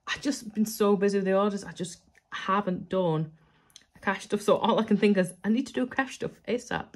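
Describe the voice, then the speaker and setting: Husky, gravelly woman vlogging. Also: mid-range voice. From United Kingdom. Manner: chatty, self-mocking, thinking aloud. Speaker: budgeting vlogger. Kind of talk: casual chat to camera. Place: home, at night.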